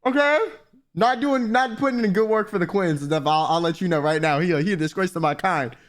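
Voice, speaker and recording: A man's voice: high voice, a little fast. A man streamer giving blunt, teasing advice to callers in a casual chat.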